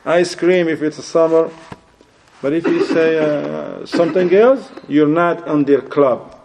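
A man's voice: on the high side, measured pace, background noise. A man giving a religious lecture as a preacher, exhorting his listeners with rhetorical questions and Arabic religious phrases. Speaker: Islamic preacher.

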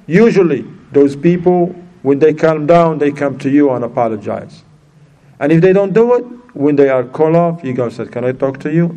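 A man preaching a sermon in a lively way, mixing in Arabic terms and acting out quoted speakers with sudden high jumps in pitch. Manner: non-native phrasing, mixes in Arabic terms.

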